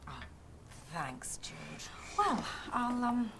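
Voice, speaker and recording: A woman's voice: medium pitch, big pitch swings, drawn-out words, vocal fry, very noisy, full character voice. An actress playing a flustered woman who talks a lot and over-explains herself after a blunder. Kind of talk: TV drama acting.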